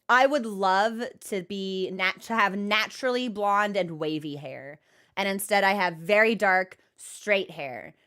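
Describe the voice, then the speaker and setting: A woman's voice: medium pitch, bright, forceful tone, smooth. A young woman streamer in casual chat, rambling with many fillers and restarts.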